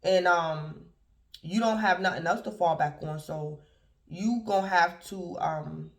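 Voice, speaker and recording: A man's voice: high voice, a little slow, gravelly, fairly bright tone. A man giving a casual, rambling tarot reading to his viewers, addressing them again and again as "collective". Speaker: tarot reader. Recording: roomy echo.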